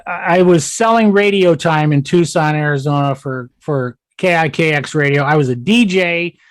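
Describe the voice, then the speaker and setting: An American man in casual podcast conversation, animated and chatty. He tells stories and slips into the voices of the people in them. His sound is dry and close, with no room around it. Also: fairly high pitch, moderate pace, dry recording. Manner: animated storyteller, acts out quotes. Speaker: podcast host.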